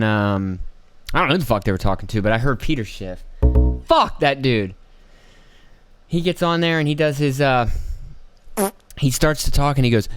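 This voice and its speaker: A man's voice: mid-range voice, clean tone, no echo. A middle-aged man hosting a podcast, ranting about politics in a profane, sarcastic way and mocking people with put-on voices. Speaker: podcast host. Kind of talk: rambling political rant.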